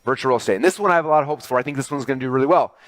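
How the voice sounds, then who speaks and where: Fast-talking excited man presenting. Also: medium pitch, no echo. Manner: fast, excited, full of fillers and restarts. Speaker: speaker presenting to an audience. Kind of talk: animated business talk with storytelling.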